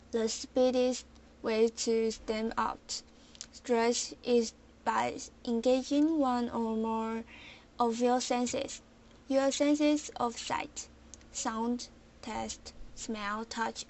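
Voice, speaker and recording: A young woman, a student, reading an article aloud in a halting way, often restarting words she cuts off. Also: fairly high pitch, darkish tone, low-quality recording. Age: young adult.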